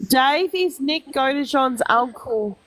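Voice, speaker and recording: A high-voiced Australian woman chats on a phone livestream. She is blunt and swears freely, and she rambles happily through her stories. The sound is dry and close, with no room around it. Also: lively intonation, takes it slowly, fairly bright tone, no room sound. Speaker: guest on a livestream. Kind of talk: casual chat. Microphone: phone mic on a livestream.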